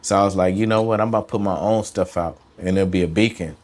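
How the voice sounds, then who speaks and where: A man with a very deep, low-pitched voice talks loosely and casually as a studio interview guest. He drifts between thoughts, trails off and picks back up in relaxed slang. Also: quick pace. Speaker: musician guest.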